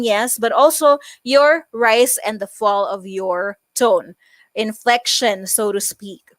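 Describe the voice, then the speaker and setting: A woman lecturing students at an online career seminar, animated and emphatic, often demonstrating tones of voice. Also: on the high side, dry recording, studio quality. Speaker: career talk speaker.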